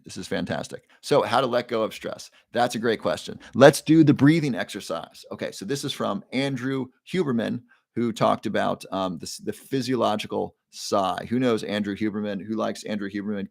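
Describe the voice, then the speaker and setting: A man with a lowish, gravelly voice hosts a live online show, walking viewers through a breathing exercise. He talks in an upbeat, chatty way and keeps asking the audience to join in. The sound is dry and close. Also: a little fast, hardly any pauses, dry recording. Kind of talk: live stream talk leading a breathing exercise.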